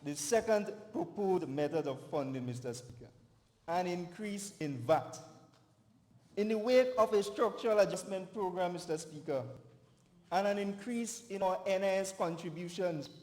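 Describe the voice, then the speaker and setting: A young man with a Grenadian accent giving a formal, emphatic parliamentary debate speech as an opposition member, stressing his words deliberately. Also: sits high, darkish tone. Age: young adult. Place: large parliament chamber. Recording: echoey chamber with long reverb.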